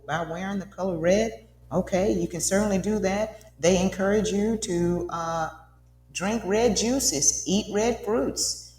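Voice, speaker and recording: Lively Southern woman, echoey room. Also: mid-range voice. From American South. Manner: lively, dramatic, talks straight to the audience. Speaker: commentary host. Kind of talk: casual solo commentary. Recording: roomy echo with loud music behind.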